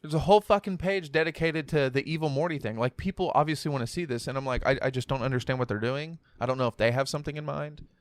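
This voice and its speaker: Ranting, swearing podcast co-host. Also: male voice, on the high side, fast, few pauses, dry recording. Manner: opinionated ranting, heavy swearing. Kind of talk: casual chat. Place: home podcast setup. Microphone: studio mic turned sideways.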